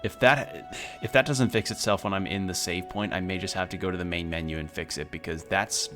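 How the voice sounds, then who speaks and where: A man's voice: sits low, fairly quick, few pauses, a bit bright, soft background music. A man streaming a video game, chatting casually and swearing freely as he plays. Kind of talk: casual gameplay commentary.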